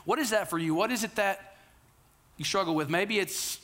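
A pastor in his thirties delivers a sermon in a fairly high voice. He talks earnestly and conversationally, stumbling over repeated words, then sinks low and quiet to press a point home. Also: normal speed. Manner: drops to a quiet, low delivery on key lines.

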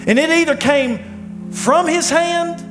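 Man, pastor, sermon in a church, very high voice, dramatic pauses, loud then hushed. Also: over music. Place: church sanctuary.

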